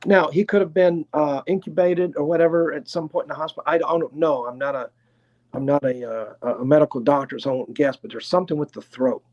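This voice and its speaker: A man with a Tennessee accent gives a live spirit reading in a voice pitched a little high for a man. He talks slowly and chattily, hedging each impression before moving on. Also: steady tone, muffled recording. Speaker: clairvoyant medium.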